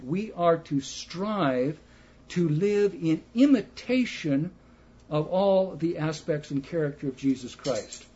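A man preaching a sermon slowly and emphatically, putting rhetorical questions to his listeners. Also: on the high side, expressive, warm tone, slightly rough. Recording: muffled lo-fi recording.

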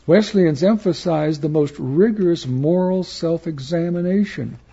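A man preaching a slow, measured sermon in an earnest, emphatic manner. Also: on the high side, creaky, dark tone, slightly rough. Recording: dull lo-fi recording.

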